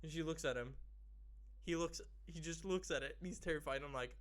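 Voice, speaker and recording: A man's voice: a little high, fairly quick. A man hosting a podcast, telling a story in casual chat, swearing and acting out the people in it. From Persian family. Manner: animated, swearing, acts out quotes. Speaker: podcast host.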